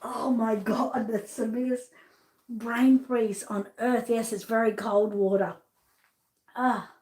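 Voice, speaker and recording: Her pitch sits fairly high and her intonation stays fairly even as she takes her time, sounding a little mellow. This middle-aged Australian doll seller chats cheerfully through a live sales presentation, frequently laughing at herself, and the room gives the audio an echo.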